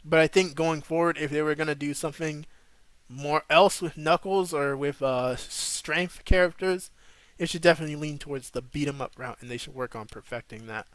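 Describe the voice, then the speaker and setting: A man's voice: on the high side, moderate pace, fairly bright tone, no echo. A young man hosting a casual live stream, chatting loosely and rambling while he plays a game. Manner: laid-back, rambling, slangy. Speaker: streamer host.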